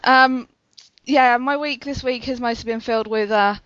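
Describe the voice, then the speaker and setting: A woman's voice: on the high side, steady tone, moderate pace, a bit bright, clean tone, no room sound, muffled recording. A woman hosting a casual gaming podcast, chatty and full of fillers, laughing often. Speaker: podcast host. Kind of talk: casual chat.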